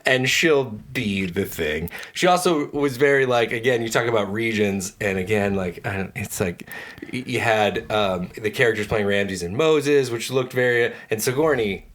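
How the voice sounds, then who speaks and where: A man's voice: fairly low pitch, fairly bright tone. Chatty laughing male podcast co-host. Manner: agreeable, chatty, quick to laugh. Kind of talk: casual comedy movie-review chat.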